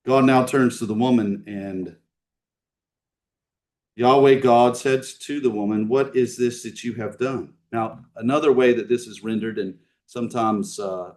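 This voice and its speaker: A man preaching a sermon in a conversational style, asking his listeners questions and swinging between emphatic and hushed delivery. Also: medium pitch, far from the mic. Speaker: pastor. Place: church sanctuary.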